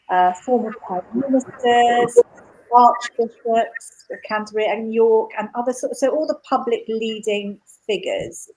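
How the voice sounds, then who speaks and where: A woman's voice: mid-range voice, darkish tone, rough recording. A woman presenting royal news in a chatty, enthusiastic way, speaking from a studio. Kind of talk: casual news chat.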